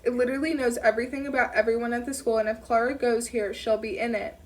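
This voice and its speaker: A woman narrating a first-person audiobook in a steady reading voice, now and then correcting herself. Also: fairly high pitch, quick pace, distant mic. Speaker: audiobook reader.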